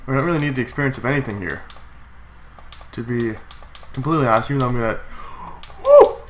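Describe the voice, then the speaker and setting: A young man with a stuffy, congested cold voice gives chatty, excitable commentary while playing a game, with sudden yelps. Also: medium pitch, rapid-fire, a little hiss or hum. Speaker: gaming YouTuber. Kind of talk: casual Let's Play commentary.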